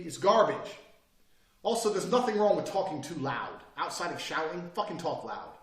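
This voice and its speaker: A man's voice: on the high side, animated, moderate pace, a bit bright. A man teaching a course on body language and speaking, brash and profane, pushing his points hard and mocking people who hesitate. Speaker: online course presenter. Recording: roomy echo, mic at a distance.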